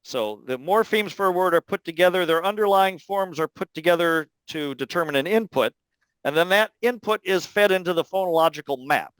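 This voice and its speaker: A man delivers an academic talk, explaining ideas patiently and pausing often to find his words. His voice is smooth and a little higher than most men's, recorded close and dry with no room sound. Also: a bit bright, no room sound, low-quality recording. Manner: measured, explanatory, many "uh" pauses. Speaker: linguistics lecturer. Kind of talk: academic talk answering questions.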